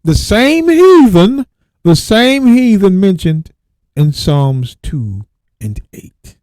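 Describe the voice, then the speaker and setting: Animated man teaching from scripture. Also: high-pitched, dry recording. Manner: reads verses slowly, then exclaims and repeats points. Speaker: radio Bible teacher. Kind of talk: Bible teaching with scripture reading.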